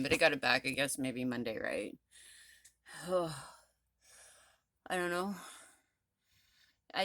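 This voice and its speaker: Speaking in a lowish, slightly bright voice, a vlogger chats casually at home into a handheld phone, rambling through her morning and laughing often. She is out of breath after rowing, and the recording is dry.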